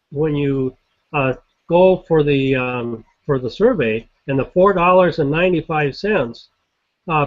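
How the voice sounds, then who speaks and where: Brief: man explaining a process very slowly over a muffled call line. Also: fairly high pitch. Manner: slow, halting, many fillers. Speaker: hangout participant. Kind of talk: giving instructions. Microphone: video call. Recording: dull lo-fi video call audio.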